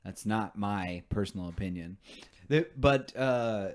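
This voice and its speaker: Low-voiced, laughing male podcast host. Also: measured pace. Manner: laughs often, joking, profane. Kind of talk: casual podcast banter.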